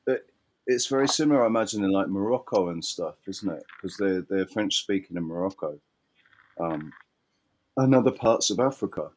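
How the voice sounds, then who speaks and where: A man's voice: deep voice, animated, moderate pace, a little mellow, rough recording. A man chatting casually in a meandering, hesitant way and laughing easily. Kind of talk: casual chat.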